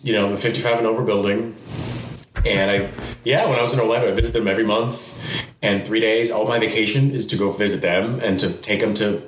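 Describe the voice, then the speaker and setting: A middle-aged man, a TV news anchor guesting on a podcast, telling personal stories candidly and acting out what his family said. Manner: animated, acts out quoted family members with sudden high pitch jumps. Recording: roomy echo.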